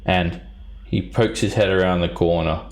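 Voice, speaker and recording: A man narrating as game master of a tabletop game, describing the scene in an unhurried way with fillers. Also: low voice, steady tone, rough recording.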